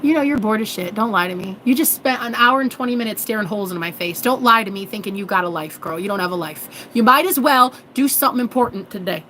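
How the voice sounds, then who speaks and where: A woman's voice: medium pitch, fast, few pauses, bright, forceful tone, slight background noise, poor audio. A woman in her thirties, a manifestation coach, talking in a sassy, preachy way and calling viewers girl and honey. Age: 30s. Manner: swears freely. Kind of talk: casual vlog monologue.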